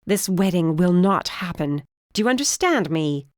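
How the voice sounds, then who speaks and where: A woman's voice: on the low side, lively intonation, normal speed, dry recording, clean studio sound, natural voice. A woman voicing a stern, disapproving middle-aged witch mother with a clipped, imperious manner in an audiobook. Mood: threatening.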